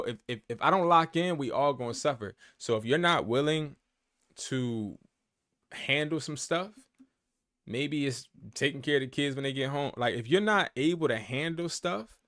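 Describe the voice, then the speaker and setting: Animated slangy man, dry close sound. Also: a little high, unhurried, no room sound. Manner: animated, slangy, repeats words for emphasis. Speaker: reselling business coach. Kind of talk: casual vlog monologue.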